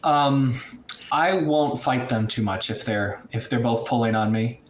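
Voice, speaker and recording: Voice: mid-range voice, a little slow. A player in a tabletop game who speaks thoughtfully and tentatively.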